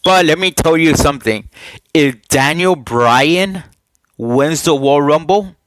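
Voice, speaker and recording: A man speaks into a headset mic in a casual home vlog, at a slow, unhurried pace. He talks in halting bursts, repeats words and throws questions at his viewers. The sound is dry and close. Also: a little high, fairly bright tone, dry recording, low-quality recording. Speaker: YouTuber giving wrestling predictions.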